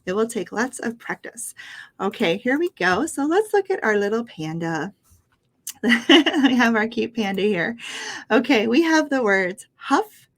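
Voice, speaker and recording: Slow, encouraging American teacher woman. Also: a little high, big pitch swings, fairly bright tone. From United States. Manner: patient, encouraging, laughs often. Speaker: English teacher. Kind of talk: pronunciation lesson.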